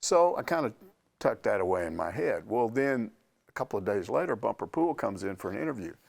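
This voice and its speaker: An older man telling a long sports story in a relaxed, chatty way. His pitch swings widely as he acts out what others said, and the delivery stays lively throughout. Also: brisk, creaky. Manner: animated storyteller, acts out quotes. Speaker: sports reporter answering questions. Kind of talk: casual storytelling chat.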